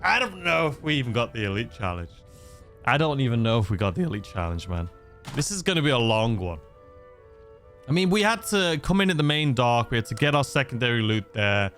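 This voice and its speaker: A man's voice: mid-range voice, very animated, brisk, fairly bright tone, soft background music. A man giving rambling, self-mocking gameplay commentary that tips into frustration. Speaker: gaming YouTuber.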